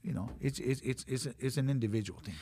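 A man's voice: mid-range voice, brisk, vocal fry, warm tone, a little hiss or hum. A middle-aged man in casual chat, blunt and profane, rambling through stories. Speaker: podcast guest, cutman.

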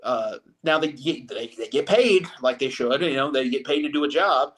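A man's voice: medium pitch, moderate pace, fairly bright tone. A man co-hosting a sports podcast, talking casually in a rambling way with many restarts.

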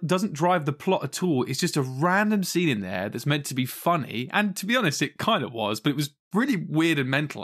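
A man co-hosting a podcast, reviewing a film in casual, animated chat, laughing often and swearing freely. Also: fairly high pitch. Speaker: podcast co-host.

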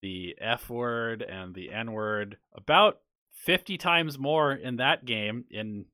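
A man hosting a casual podcast chat, reading viewer questions and making measured, reasoned points. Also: medium pitch, sharp tone, dry recording.

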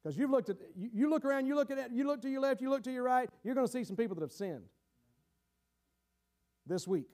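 A man preaching a sermon in a dramatic style, acting out the voices of a guilty sinner and sometimes shouting for emphasis. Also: extremely high pitch, lively intonation, fast, pauses often.

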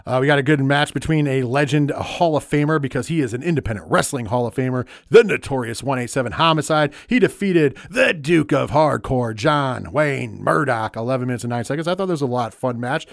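Excitable wrestling podcast host, dry mic. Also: male voice, medium pitch, fairly quick, creaky, hardly any pauses, no room sound. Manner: enthusiastic, profane, rambling with fillers. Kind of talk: casual wrestling recap chat.

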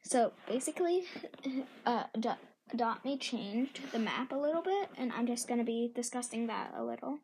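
A woman's voice: fairly high pitch, darkish tone, slight background noise, low-quality recording. A woman hosting a casual podcast, rambling along with many fillers and restarts. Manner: partly whispered, ASMR-style. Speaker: podcast host.

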